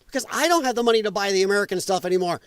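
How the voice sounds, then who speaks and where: A man's voice: sits high, racing, clean tone, no room sound. A man streaming casual political commentary, profane and combative, who mocks opponents in whiny put-on voices. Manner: profane, combative, sarcastic ranting.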